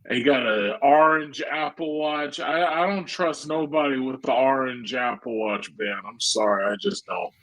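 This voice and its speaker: A man's voice: mid-range voice, normal speed, hardly any pauses, fairly bright tone. A man hosting a stream, giving blunt, joking and profane reaction commentary in a casual way. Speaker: stream host.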